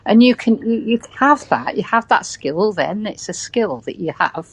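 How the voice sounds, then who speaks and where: A woman's voice: mid-range voice, expressive, moderate pace, rough recording. A British woman with a West Country accent, a guest in a conversational interview, speaking earnestly and repeating points for stress. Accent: West Country English. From Britain.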